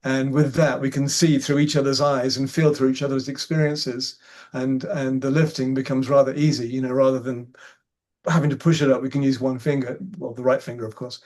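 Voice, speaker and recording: A male guest musing in a halting, reflective way about spiritual community. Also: medium pitch, little pitch movement, darkish tone. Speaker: guest panelist.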